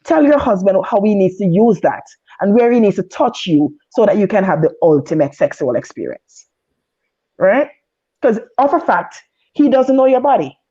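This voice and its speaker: A woman's voice: medium pitch, very animated, moderate pace, mellow, slightly rough, dull audio. A married woman on a video call, giving earnest, candid advice and repeating points for emphasis. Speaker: married guest on a panel. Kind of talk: heartfelt advice talk.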